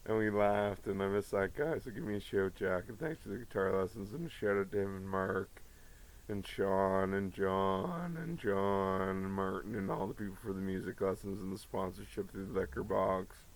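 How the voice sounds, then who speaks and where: A man's voice: sits low, normal speed, vocal fry, rough recording. A man talking to his viewers in a rambling monologue, profane and jumping from one topic to the next. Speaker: vlogger.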